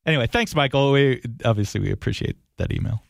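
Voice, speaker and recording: A man's voice: mid-range voice, expressive, fast talker, gravelly, no echo, studio quality. A man co-hosting a casual talk show, reading out listener mail and chatting with an easy laugh. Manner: reads listener email aloud, laughs easily. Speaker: podcast co-host. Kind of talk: casual chat.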